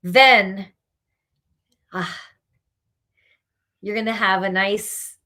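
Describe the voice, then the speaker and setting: A woman's voice: medium pitch, steady tone, very slow, sharp tone. A woman hosting a live card reading, talking emphatically and scolding her viewers with laughter in between. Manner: emphatic, scolding, tough-love delivery with laughs. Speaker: spiritual reader and meditation host.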